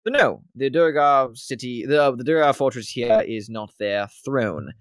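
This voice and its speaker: A man's voice: mid-range voice, measured pace, no echo, lightly acted. A man voicing a rambling male former slave who became a wealthy slave-owner, speaking formally in a put-on British accent during a tabletop game. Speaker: non-player character. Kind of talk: tabletop role-play voicing.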